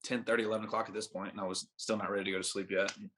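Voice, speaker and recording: A man's voice: fairly low pitch, flat delivery, very fast, a bit bright, slight background noise. Young man, podcast guest, casual storytelling, laid-back, rambling, lots of filler words. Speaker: podcast guest, baseball pitcher.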